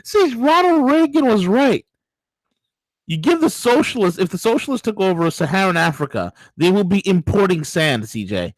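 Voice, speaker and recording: Animated, mocking male talk host. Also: high-pitched, moderate pace, no echo, rough recording. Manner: animated, mocking storytelling with crude asides. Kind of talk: political talk show banter.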